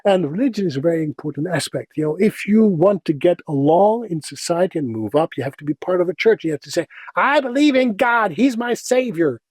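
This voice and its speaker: A middle-aged man from the Netherlands, speaking as an interview guest in an opinionated, animated way. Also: a little high, fast, hardly any pauses, breathy edge, dry recording. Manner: opinionated, animated, mimics others for emphasis. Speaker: guest, voice actor. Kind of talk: casual interview talk.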